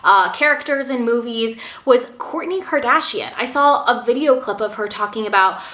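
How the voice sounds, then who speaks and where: Bright, chatty young woman vlogger. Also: on the high side, normal speed. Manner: chatty, earnest, lots of "like". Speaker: manifestation vlogger. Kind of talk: casual talk to camera. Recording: echoey room.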